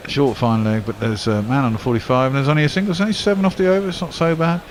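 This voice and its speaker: A man giving ball-by-ball cricket commentary who chats easily between balls and lifts sharply when the play turns exciting. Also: medium pitch, racing. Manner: excitable bursts on big shots, relaxed chat between balls.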